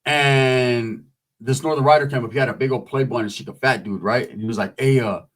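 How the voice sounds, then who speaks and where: A man's voice: mid-range voice, steady tone, fairly quick, a bit bright. A man telling prison stories in a casual, rambling way, full of slang and swearing. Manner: loose street slang, swearing, rambling asides. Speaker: storyteller recounting prison life. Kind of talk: casual storytelling. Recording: voice a bit far from the mic.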